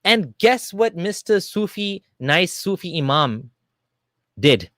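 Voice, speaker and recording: A man giving a casual, argumentative monologue to camera, animated and full of fillers and restarts. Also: sits high, slow, dry recording. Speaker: video creator.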